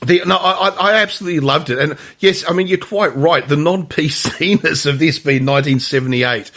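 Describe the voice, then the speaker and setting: This man, co-hosting a podcast, talks about movies in a loose, rambling way, restarting and stammering often, laughing frequently, and raising his voice to imitate film lines. He sounds slightly bright and fairly high-pitched, speaking at a moderate pace.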